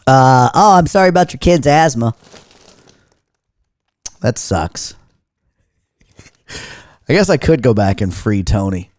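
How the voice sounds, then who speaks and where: A man's voice: medium pitch, lively intonation, takes it slowly, pauses often, darkish tone, dry recording. A man hosting a sports talk livestream with his voice altered by inhaled helium, trading crude jokes and banter with his chat. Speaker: sports talk show host.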